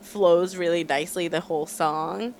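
Chatty young woman with a lower voice. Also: normal speed, slight background noise. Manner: bubbly, says "like" a lot, squeals in excitement. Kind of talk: casual chat about music.

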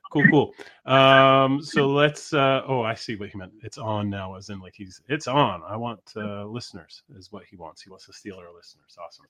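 A man's voice: medium pitch, fairly bright tone. A man hosting a live talk show, joking and rambling in casual chat. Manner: joking, rambling, laughs often. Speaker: host.

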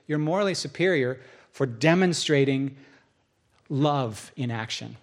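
A middle-aged man preaching a sermon as pastor, telling stories and acting out both sides of a dialogue, then dropping to a hushed voice for solemn moments. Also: mid-range voice, expressive, a little slow.

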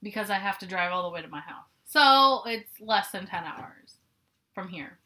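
A young woman co-hosting a loose podcast conversation, her voice bright and ringing. She swings her pitch widely, teasing and giggling as she fires off quick questions. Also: expressive. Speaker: podcast co-host. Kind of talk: casual chat.

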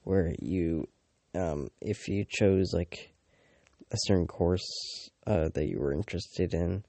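A low, gravelly teenage boy rambles through a storytime at an unhurried drawl, his voice dark and dry in the room. He swears a lot, trips over fillers and restarts, and drops mocking asides about everyone he meets. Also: no echo. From Canada. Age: teens. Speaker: vlogger.

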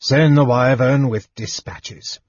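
A man voicing a commanding, mocking male warlord in an audiobook, barking his orders loudly. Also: medium pitch, slow, breathy edge, no echo, dull audio.

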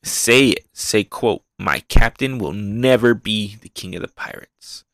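A man putting on a brutal pirate woman, bossy, loud, dry sound. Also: fairly low pitch, a little slow, creaky, no echo. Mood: demanding. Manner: bossy, demanding. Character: brutal hot-headed young female pirate brawler.

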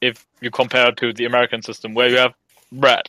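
A man's voice: medium pitch, completely flat delivery, fast, bright, forceful tone, dry recording, poor audio. A man from Germany, chatting emphatically on a call. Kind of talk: casual chat. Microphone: video call.

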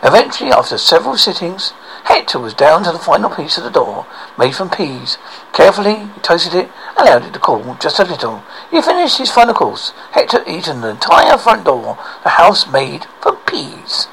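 A man narrating a children's storybook aloud, expressive, with small slips and restarts. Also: a little high, normal speed, vocal fry, a little hiss or hum, low-quality recording.

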